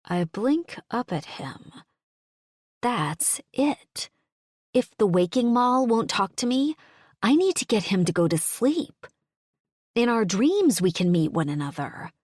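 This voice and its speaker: A woman's voice: a little high, sing-song, slow, darkish tone, no echo, studio quality, exaggerated voice. A woman narrating an audiobook in first person as a young heroine, with wry, exasperated asides.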